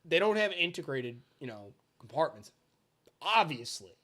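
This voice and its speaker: Animated young man telling a story. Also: on the high side, normal speed. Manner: animated, swearing, bursts into loud impressions. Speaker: podcast co-host. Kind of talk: casual storytelling chat.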